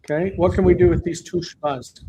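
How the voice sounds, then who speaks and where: A man leads an online class on biblical Hebrew, explaining step by step and pausing to check that everyone follows. His voice sits a little high for a man. Faint hiss sits under the video-call audio. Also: fairly even intonation. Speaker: Hebrew teacher.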